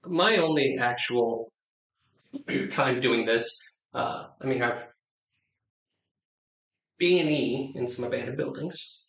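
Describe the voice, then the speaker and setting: A man's voice: medium pitch, slow, gravelly, pauses often, a bit bright. Joking male podcast host, echoey room. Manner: joking, rambling, starts over often. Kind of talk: casual chat. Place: inside an old hospital building. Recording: echoey room in an old building.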